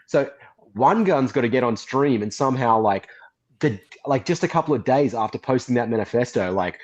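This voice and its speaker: Animated man, muffled stream audio. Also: medium pitch, normal speed. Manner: animated, recaps events with mocking quoted voices. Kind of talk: casual livestream commentary.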